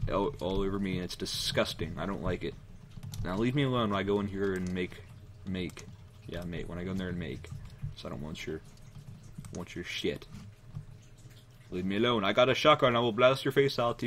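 Young male gamer, low-pitched, rambling let's-play talk, keyboard clicks behind. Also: fairly quick, long pauses, fairly bright tone. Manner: rambling, jumpy, yelps when startled. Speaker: gameplay commentator. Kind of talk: casual let's-play commentary.

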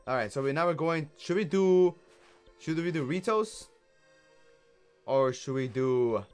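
A man streaming a video game, talking casually and rambling while often laughing at his own jokes. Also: medium pitch. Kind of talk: casual gameplay commentary.

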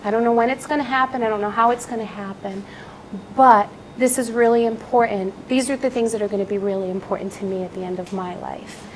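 A woman nurse presenting on palliative care to healthcare staff, telling stories with lively, animated shifts in voice. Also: brisk, slight background noise, low-quality recording. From United States. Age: adult. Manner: animated storytelling with lively jumps in pitch.

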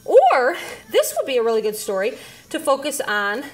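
A woman teacher casually demonstrating reading activities, slightly out of breath, pausing often with "um". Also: high voice, wildly swooping pitch. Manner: chatty, with frequent "um" pauses while handling letters.

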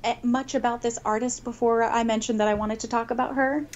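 A woman who is a podcast guest, explaining things in a relaxed chat and laughing easily. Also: a little high, a little fast, highs cut off.

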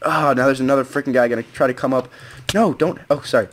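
A young man giving excitable, rambling live commentary on his own gameplay as a gaming video host. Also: mid-range voice, fast talker, a little hiss or hum. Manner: excitable, rambling, self-narrating play-by-play. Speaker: gaming YouTuber.

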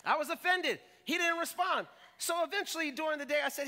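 A high-pitched male pastor preaching in church, bright and forceful in tone. He jokes, acts out quotes and keeps the sermon animated. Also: a little fast, hardly any pauses. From Jamaican family roots. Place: church stage.

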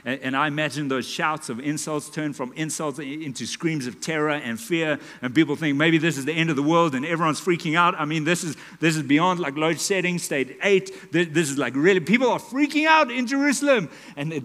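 A man, preaching a sermon in a church and telling a story dramatically, dropping to a hush and rising to loud calls. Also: on the high side, brisk. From South Africa. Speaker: pastor. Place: church auditorium. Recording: live church hall reverb.

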